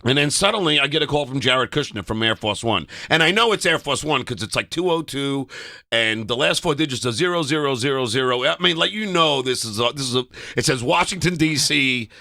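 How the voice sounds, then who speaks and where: Gravelly, bright-voiced man who stutters. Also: mid-range voice, lively intonation, a little fast, no echo. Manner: laughs often while telling stories. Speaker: guest. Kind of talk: storytelling interview chat. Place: studio.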